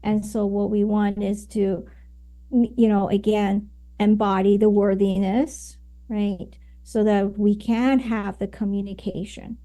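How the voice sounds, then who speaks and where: A woman's voice: medium pitch, level tone, unhurried, dark tone. A woman guest in an interview, explaining ideas with frequent fillers and tag questions. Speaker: guest, communication coach. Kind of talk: conversational interview.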